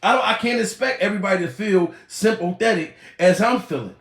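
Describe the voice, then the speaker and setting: A man's voice: sits high, brisk, creaky. A man hosting a comedy livestream, ranting profanely, laughing often and putting on mock crying. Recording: echoey room.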